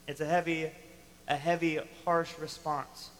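A man preaching a sermon to a congregation, animated and emphatic, acting out the lines he quotes. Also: fairly high pitch, normal speed, long pauses, long reverb tail, a little hiss or hum, rough recording. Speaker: pastor.

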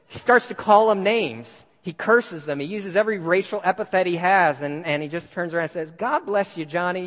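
A man telling a story to an audience in an animated way, with many fillers and restarts. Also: fairly high pitch. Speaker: speaker. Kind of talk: storytelling talk. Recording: long hall reverb.

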